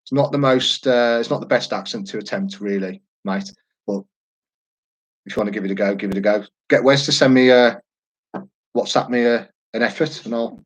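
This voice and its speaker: A man's voice: medium pitch, normal speed, slightly rough, rough recording. A man, hosting a quiz live from home in a chatty, jokey, rambling way. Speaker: quiz host. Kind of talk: casual live-stream chat.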